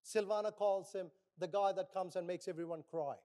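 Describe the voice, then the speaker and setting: A middle-aged male pastor preaching a sermon, animated, acting out little voices in his stories. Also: high voice, a little fast.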